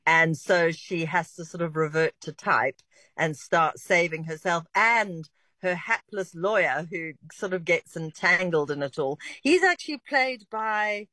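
A woman's voice: lowish voice, measured pace, pushed and bright, no echo. A woman reviewing a TV series on the radio, chatty and rambling with many restarts. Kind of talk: casual radio chat. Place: radio studio. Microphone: close studio mic.

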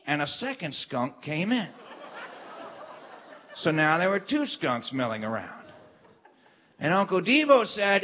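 A man telling a funny story about his own past, animated and self-deprecating, with asides and character voices. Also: high voice, measured pace. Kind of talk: comic storytelling. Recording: dull lo-fi sound.

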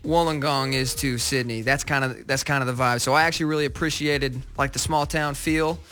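A man's voice: medium pitch, fairly even intonation, brisk, sharp tone, soft background music. A young American man from near Seattle, chatting as a guest in a radio interview, upbeat and a bit rambling. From United States, near Seattle. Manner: upbeat, rambling, lots of ums. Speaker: guest musician. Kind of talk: casual interview chat.

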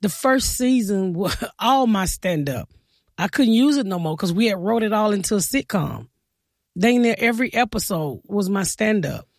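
A woman stand-up comedian talks bluntly through her stories, acting out her own side of old conversations. Her voice has a gravelly edge. The sound is close and dry. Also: mid-range voice, moderate pace, no room sound. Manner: blunt, storytelling, quotes herself in animated bursts. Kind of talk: casual interview talk.

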